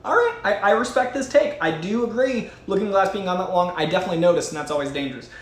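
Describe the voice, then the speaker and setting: A man's voice: high-pitched, fast talker, echoey room. A man hosting a casual live stream, chatting with enthusiasm and reading viewer messages aloud. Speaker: host. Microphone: studio mic.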